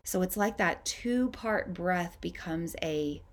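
A woman hosting a podcast, leading a guided breathing meditation in a slow, gentle, soothing way with long pauses. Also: fairly low pitch, expressive.

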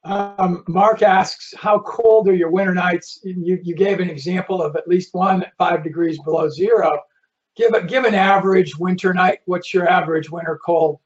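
A man's voice: sits high, steady tone, moderate pace, muffled recording. A man hosting a live online session, reading out audience questions with friendly, rambling asides.

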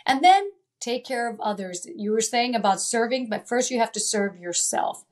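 A woman's voice: on the high side, lively intonation, normal speed, a little mellow. A woman from Italy and Venezuela, a guest coach in an interview, speaking emphatically and repeating her key phrases. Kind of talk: motivational interview talk.

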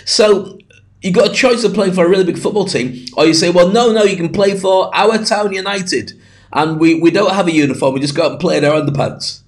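Middle-aged male podcast host, fast-talking and jokey, slightly higher voice. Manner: chatty, jokey, talks fast with asides. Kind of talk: solo podcast monologue. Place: home studio.

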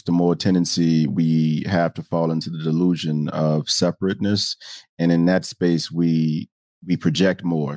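Male host, lowish voice, reflective, dry close recording. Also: a little mellow, no echo. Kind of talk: casual chat.

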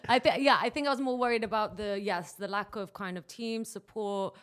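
A young woman guest in a casual interview, talking about her work and often laughing, getting animated when excited. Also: medium pitch, a little fast. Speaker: guest, coding educator and YouTuber.

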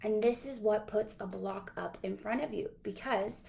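A woman's voice: mid-range voice, moderate pace, vocal fry, warm tone. A woman giving a livestreamed motivational talk to entrepreneurs, earnest and repetitive, often restarting her phrases. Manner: earnest, repetitive, self-correcting. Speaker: business coach.

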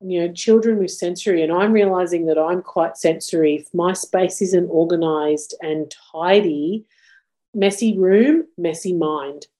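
Mellow-voiced woman in her forties. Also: fairly low pitch, measured pace. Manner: earnest, reflective, with lively upward swings. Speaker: podcast host. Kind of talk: casual conversation.

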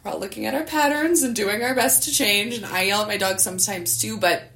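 A woman's voice: medium pitch, brisk, gravelly, a bit bright, reverberant. A woman hosting a podcast about dogs, talking in a loose conversational way with lots of "right?" and "you know". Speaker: podcast host. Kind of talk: casual interview chat.

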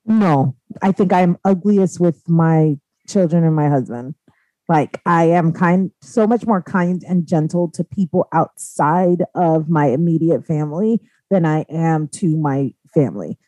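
A young woman co-hosting a casual faith podcast, candid and animated, laughing at herself. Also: deep voice, a little slow, no echo, lo-fi sound. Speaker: podcast co-host. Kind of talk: faith-based casual chat.

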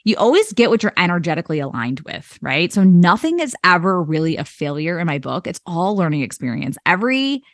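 A woman's voice: lowish voice, fairly quick, hardly any pauses, dry recording, studio quality. A woman in her thirties hosting a solo business-coaching podcast, chatty and encouraging, with frequent laughs and fillers like "okay". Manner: chatty and animated, laughs often, fillers like okay and all right. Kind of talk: solo podcast pep talk.

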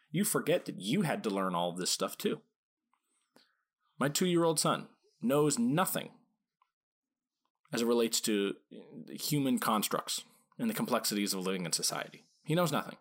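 A man's voice: mid-range voice, husky. A man hosting a podcast about dog training, talking casually and asking his listeners rhetorical questions. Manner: conversational, asks rhetorical questions, acts out quick quoted lines.

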